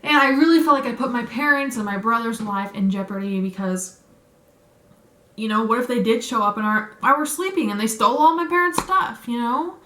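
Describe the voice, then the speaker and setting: A woman's voice: on the high side, brisk, bright, forceful tone, slight background noise. A young adult woman vlogger telling a story in a chatty way, full of "like" and "um", with a lot of feeling. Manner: chatty, fills with "like" and "um", emotional retelling. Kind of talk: casual story time. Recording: echoey room.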